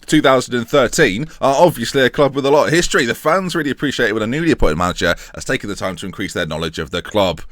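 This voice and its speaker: A man's voice: medium pitch, expressive, rapid-fire, few pauses, a bit bright, no echo. A man giving casual, jokey commentary on a video game, reading the game's text aloud and muttering asides. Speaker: gaming YouTuber. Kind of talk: casual let's-play commentary.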